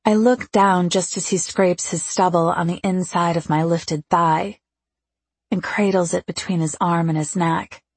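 A woman narrating a first-person romance story in a slow, intimate reading. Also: fairly low pitch, steady tone, slightly rough, dry recording. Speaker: audiobook narrator.

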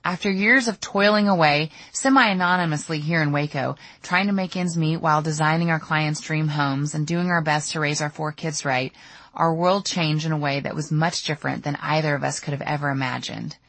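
Give me a low-voiced woman reading her memoir, candid and close to the mic. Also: normal speed, a bit bright, no room sound. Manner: candid, storytelling. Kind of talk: audiobook narration.

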